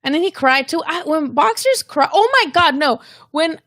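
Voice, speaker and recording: A woman's voice: sits high, lively intonation, moderate pace, fairly bright tone, dry recording, studio quality. A woman hosting a casual live-stream about boxing, talking candidly with plenty of swearing and bits of Spanish slang. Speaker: boxing channel host.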